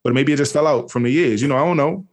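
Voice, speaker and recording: A man's voice: mid-range voice, rapid-fire. A man from the Washington, D.C. area, speaking candidly and slangily as an interview guest, with frequent restarts. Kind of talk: candid personal storytelling.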